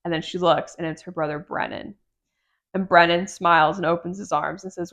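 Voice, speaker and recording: A woman's voice: lowish voice, steady tone, brisk, fairly bright tone, muffled recording. A woman co-hosting a podcast, chatting casually about a book and retelling scenes in quoted dialogue. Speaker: podcast co-host.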